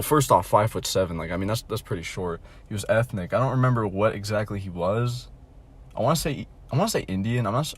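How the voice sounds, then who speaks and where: Give me a blunt young man in a casual vlog rant, mocking and profane, stumbling over restarts. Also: on the low side. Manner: rambling, profane, full of fillers and restarts. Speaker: vlogger.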